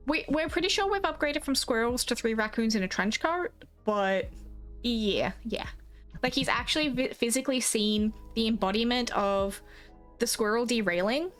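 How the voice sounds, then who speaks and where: A woman's voice: fairly high pitch, normal speed, fairly bright tone, faint music behind. A young Australian woman streaming a game, chatting casually and rambling, swearing freely and quoting herself and others. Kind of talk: casual chat while gaming.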